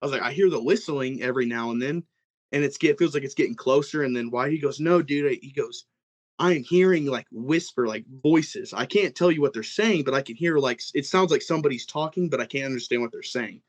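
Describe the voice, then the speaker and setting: Speaking fast at medium pitch, a young Oklahoman guest on a laid-back podcast tells the story of an eerie encounter he had. He rambles, says "like" often, and performs the quoted dialogue of everyone involved.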